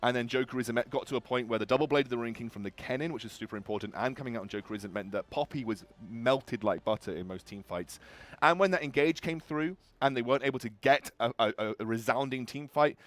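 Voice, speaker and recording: A man with a British accent casting a video game tournament, breaking down the draft in fast, animated analysis with frequent restarts. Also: medium pitch. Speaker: esports caster. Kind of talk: analytical esports commentary.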